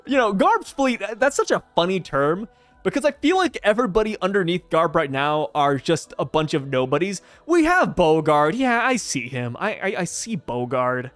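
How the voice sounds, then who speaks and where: A man casually reviewing a comic chapter, chatty and excitable, with many fillers and acted-out quotes. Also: a little high, normal speed, dry recording, faint music behind. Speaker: manga reviewer. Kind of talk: casual commentary.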